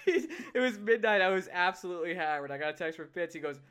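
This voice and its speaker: A man in his thirties hosts a podcast in a loose, casual chat. He jokes and laughs easily, his slightly high voice swinging up and down with a lot of life. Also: animated, fast talker, a bit bright, smooth. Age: 30s. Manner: laughs often, joking. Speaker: podcast host.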